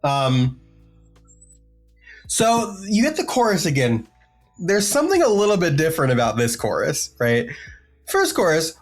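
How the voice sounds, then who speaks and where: A man co-hosting a podcast, chatting casually and excitedly, swearing freely and trailing into fillers. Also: on the high side, measured pace, pauses often, faint music behind. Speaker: podcast co-host. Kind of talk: casual chat about music.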